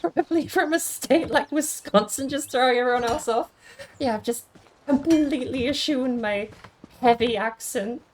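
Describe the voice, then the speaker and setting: A woman's voice: high-pitched, moderate pace, slight background noise. A woman streamer in casual chat, musing aloud and answering chat comments as she goes. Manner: chatty and musing, with many restarts.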